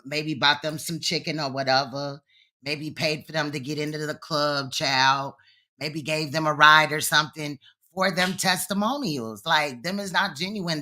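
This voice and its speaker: A man's voice: fairly high pitch, pushed and bright. A man hosting a reaction stream, sassy, mocking and profane. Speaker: commentary channel host. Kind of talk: reaction commentary.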